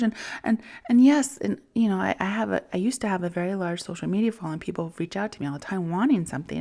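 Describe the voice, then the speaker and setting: A woman in her forties hosting a reflective personal monologue, gentle and self-soothing, often dropping to a soft whisper. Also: medium pitch, fast, vocal fry, few pauses. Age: 40s. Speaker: podcast host.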